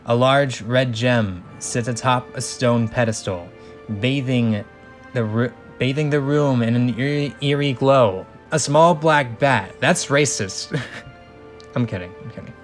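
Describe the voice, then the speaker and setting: A man's voice: mid-range voice, unhurried, soft background music. A young man reading a film script aloud, breaking off to joke and apologize in a self-mocking way. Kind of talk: script reading with casual commentary.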